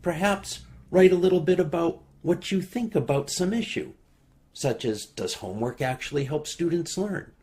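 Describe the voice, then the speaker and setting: A man calmly reading out a list of writing prompts to a congregation at home. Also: fairly high pitch, moderate pace.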